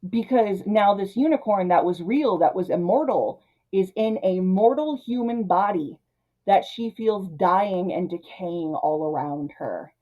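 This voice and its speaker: A woman hosting a casual film recap, chatty and animated, acting out the characters' lines in her own voice. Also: mid-range voice, measured pace, rough recording. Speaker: video essay host.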